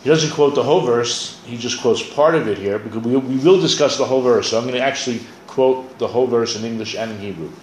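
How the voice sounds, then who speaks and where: A man's voice: medium pitch, quick pace, few pauses, slight background noise. A man teaching a Bible class, explaining Hebrew words and thinking aloud as he goes. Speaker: Torah teacher. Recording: echoey room, faint ambience.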